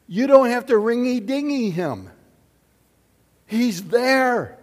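A man preaching a sermon in an auditorium, drawing answers from the audience and swinging from loud declarations to hushed questions. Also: sits high, slow, in a large hall. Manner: animated, questioning the audience, big swings in loudness. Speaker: pastor.

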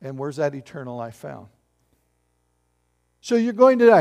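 Animated pastor preaching in a reverberant hall. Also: male voice, a little high, normal speed, creaky, pauses often. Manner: animated, joking with the congregation. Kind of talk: sermon.

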